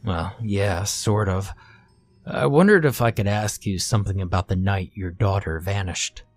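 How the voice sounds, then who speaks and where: A man reading as a gruff mumbling detective. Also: normal speed, dry recording, soft background music. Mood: blunt. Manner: low mumbling, blunt. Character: weary, wary middle-aged male detective.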